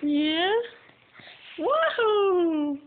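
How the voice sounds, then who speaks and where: A woman's voice: very high-pitched, very animated. Woman in coaxing baby talk, tinny home video. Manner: coaxing, repeating simple words slowly. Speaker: parent filming a toddler.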